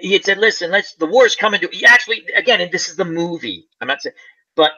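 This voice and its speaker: A man's voice: high-pitched, animated, fast talker, sharp tone. A man hosting a casual chat, rambling through a movie plot and acting out its lines. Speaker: channel host. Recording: dull lo-fi sound.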